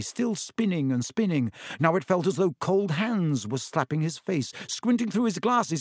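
A man narrates a fantasy novel in a measured, steady way. His voice sits a little high for a man and the recording is dry and close, with no room sound. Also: no echo. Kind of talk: audiobook narration.

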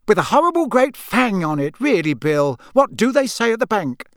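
A man's voice: high-pitched, sing-song, normal speed, a bit bright, dry recording, studio quality, voice pushed up, full character voice. A man voicing a fussing, motherly middle-aged witch in an audiobook reading. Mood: scolding. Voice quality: fussy, scolding.

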